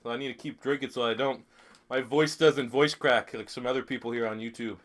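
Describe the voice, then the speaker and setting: A young Canadian man who is sick, streaming a football video game live, clearing his throat, swearing and rambling through chat questions. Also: mid-range voice, fairly even intonation, fairly quick, a bit bright. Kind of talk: live-stream gaming commentary.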